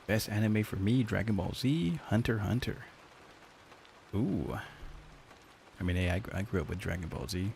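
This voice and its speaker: A man chats with his stream audience in a rambling, joking way. His voice is low and gravelly and he is close on a lapel mic. Faint rain plays behind him. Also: animated, normal speed, long pauses, darkish tone, slight background noise. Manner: rambling, joking, talks to chat. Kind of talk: casual live-stream chat.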